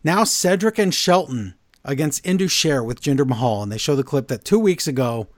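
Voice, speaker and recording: A man's voice: mid-range voice, expressive, fairly quick, dry recording. A man co-hosting a podcast, recapping wrestling in casual chat with sarcastic, exasperated asides. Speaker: podcast co-host.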